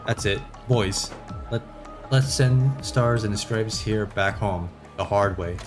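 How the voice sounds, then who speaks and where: A man's voice: lowish voice, slow pace. A man voicing a drunk, bullying male samurai thug, with crude, snarling delivery over game music. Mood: mocking. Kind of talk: reading game dialogue aloud.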